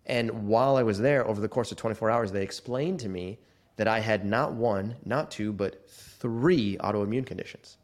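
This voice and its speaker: A man's voice: on the low side, normal speed. A man in his forties telling his life story as a guest in a casual interview, acting out the voices of the people he quotes. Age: 40s.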